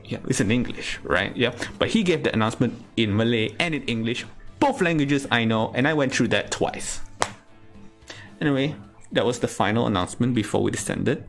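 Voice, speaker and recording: A man from Singapore performing a stand-up comedy set, telling a story deadpan with sudden outbursts. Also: mid-range voice, normal speed, vocal fry, soft background music.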